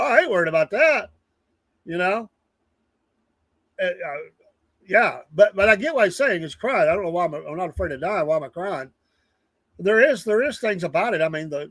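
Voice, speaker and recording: A man's voice: sits high, fairly bright tone, no echo. A man, hosting a casual live stream, rambling earnestly and greeting viewers from the chat by name. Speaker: livestream news show host.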